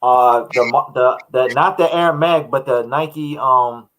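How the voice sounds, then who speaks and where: A man's voice: mid-range voice, slow pace, a bit bright, a little hiss or hum, rough recording. A man hosting a casual panel chat, talking in a laid-back, slangy way.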